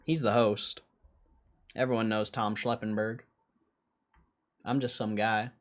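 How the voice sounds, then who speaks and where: A man's voice: on the low side, level tone, unhurried. A young man streaming and chatting casually with himself, joking around and laughing often as he rehearses. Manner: joking, rambling self-talk with frequent laughs. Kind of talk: casual livestream chat.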